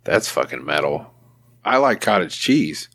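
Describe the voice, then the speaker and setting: A man hosting a podcast, talking in an easygoing, profane way. His voice sits a bit low and has a gravelly, fry-edged texture. He laughs easily between remarks. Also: big pitch swings, a little slow, fairly bright tone. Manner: laid-back, swears freely, laughs often. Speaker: podcast host. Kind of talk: casual chat.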